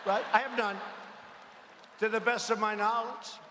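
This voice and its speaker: Older male politician at a podium mic: mocking, rambling, high-pitched, big reverberant arena. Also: steady tone, a little slow, sharp tone, a little hiss or hum. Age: 70s. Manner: combative, mocking, rambling asides. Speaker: politician addressing a rally. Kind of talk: rally speech. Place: large arena. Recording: echoey arena with long reverb.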